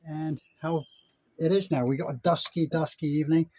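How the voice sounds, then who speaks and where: A man's voice: fairly high pitch, fairly even intonation, normal speed, mellow, low-quality recording. Older man rambling in a chatty vlog. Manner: rambling, chatty, self-correcting. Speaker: vlogger. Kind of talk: casual vlog chat. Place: outdoors at a gated apartment complex in Mexico. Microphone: handheld phone camera.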